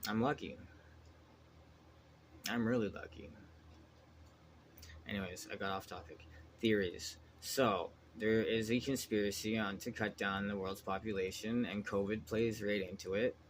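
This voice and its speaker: Agitated swearing man, low voice. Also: steady tone, unhurried, long pauses, slight background noise. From Canada. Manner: agitated, swears constantly, trails off and restarts. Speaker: vlogger. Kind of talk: rambling monologue.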